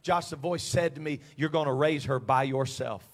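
A man pastor preaching a sermon in a church, moving from quiet storytelling to shouted climaxes. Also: on the high side, moderate pace. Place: church sanctuary.

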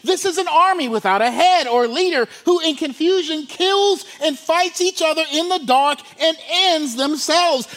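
High-voiced man preaching with dramatic swings. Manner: dramatic, swings between loud preaching and hushed near-whispers; conversational asides with "you know" and "like". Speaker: pastor. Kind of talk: sermon.

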